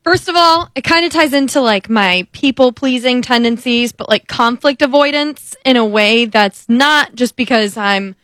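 A woman's voice: on the high side, normal speed, hardly any pauses, no room sound. Candid young woman, dry close sound. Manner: candid, animated storytelling with acted quotes. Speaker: podcast co-host. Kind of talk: casual chat.

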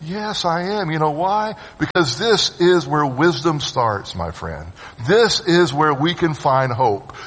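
A man preaching a sermon to his congregation. His voice swings from loud urging to hushed, low phrases, and he calls on the listeners to answer him. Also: sing-song, takes it slowly, hardly any pauses, breathy edge. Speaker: pastor. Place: church sanctuary with long reverb. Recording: reverberant church hall sound.

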